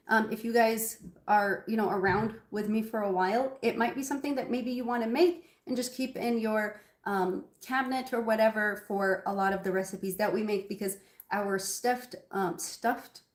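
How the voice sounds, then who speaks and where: As host of a cooking livestream, a woman chats loosely with viewers from her home kitchen, addressing them by name. She speaks at a middling pitch and moderate pace, her talk meandering with frequent ums, while the kitchen adds a noticeable echo.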